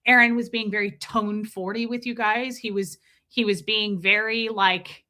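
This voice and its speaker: A middle-aged woman talks through a casual livestream in a bright, ringing voice. She repeats points for emphasis and keeps breaking off to greet viewers in chat. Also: mid-range voice, steady tone, moderate pace. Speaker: livestream host reading chat.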